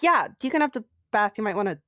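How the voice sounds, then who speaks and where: A woman's voice: medium pitch, sing-song, quick pace, sharp tone, no room sound, clean studio sound. A young woman playing in a tabletop game, chatting casually with lots of fillers and laughter. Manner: giggly, loose, many fillers. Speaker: player. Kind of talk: casual chat.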